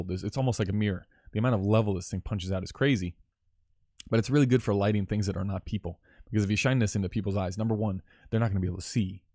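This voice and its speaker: Relaxed, low-voiced man breaking down shots. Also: dry recording, studio quality. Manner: loose, enthusiastic, swears casually, trails off and restarts. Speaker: cinematographer teaching on a live stream. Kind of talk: casual live-stream critique.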